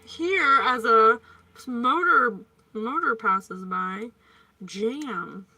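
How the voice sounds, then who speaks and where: Bright, slow-talking woman psychic reader. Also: on the high side, expressive, slightly rough, no room sound, soft background music. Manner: chatty, playful, prone to tangents and giggles. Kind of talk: casual psychic reading monologue.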